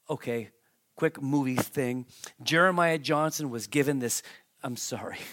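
A man preaching a sermon as a pastor, conversational and then emphatic, with animated asides to the congregation. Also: mid-range voice, unhurried.

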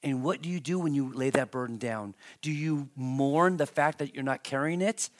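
A man preaching a sermon as a pastor, conversational and then emphatic, with animated asides to the congregation. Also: medium pitch, normal speed.

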